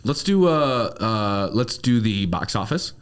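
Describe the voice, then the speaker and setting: A man's voice: lowish voice, big pitch swings, unhurried, clean tone. A man co-hosting a casual movie podcast, running the segments and laughing often. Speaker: podcast co-host. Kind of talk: casual chat.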